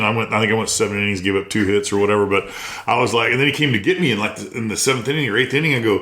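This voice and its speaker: A middle-aged American man, a former college baseball player, telling animated stories in a casual interview and acting out what others said. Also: on the low side, fast talker, echoey room. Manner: animated storyteller, acts out quotes, laughs often.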